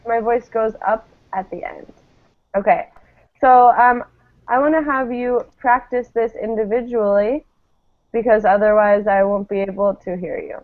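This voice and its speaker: A woman teaching an online English class, explaining things patiently and pausing with frequent ums. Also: a little high, steady tone, no echo. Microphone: video call. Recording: tinny phone-like call audio, dry.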